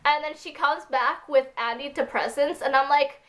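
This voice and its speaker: A woman's voice: sits high, moderate pace, hardly any pauses, a bit bright. A woman vlogger telling a story to camera in a casual, rambling way, upset and full of "like" and "freaking".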